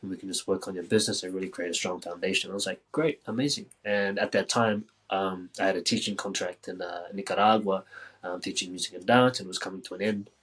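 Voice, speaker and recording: A man from New Zealand, a podcast guest telling a story casually, with many filler words and lively quoted dialogue. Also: deep voice, quick pace, slightly rough, rough recording.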